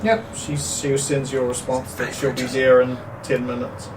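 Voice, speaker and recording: A man serving as game master, narrating a tabletop game and reading in-world news in a steady announcer tone. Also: medium pitch, measured pace. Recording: distant roomy mic with loud background noise.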